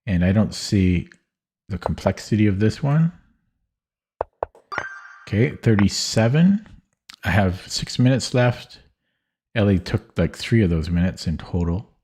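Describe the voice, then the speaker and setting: Slow, husky-voiced man thinking aloud. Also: fairly low pitch. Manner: calm, slow, musing, talks himself through moves. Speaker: chess streamer. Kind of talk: thinking aloud while solving chess puzzles. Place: home office at his desk.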